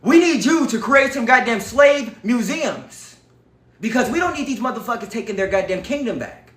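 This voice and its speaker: A man putting on the voice of a crude, scheming male official who hands out bribes, in a mocking, drawn-out delivery. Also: extremely high pitch, expressive, fairly bright tone, echoey room, voice pushed up.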